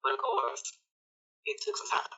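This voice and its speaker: A woman tells a personal story with a sharp, very bright tone, throwing herself into her own quoted words with big jumps in pitch. Her voice comes from a distance over a dull, lo-fi remote line. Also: moderate pace. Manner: laughs and sighs while telling. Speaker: podcast guest, social worker. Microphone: remote call.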